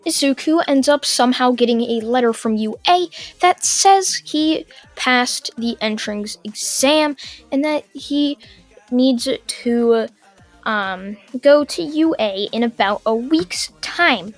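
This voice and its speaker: A young woman tells a fan story in a casual, run-on style, pausing with fillers as she goes. Her voice is high and unhurried, with faint music playing underneath. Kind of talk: casual fan-fiction narration.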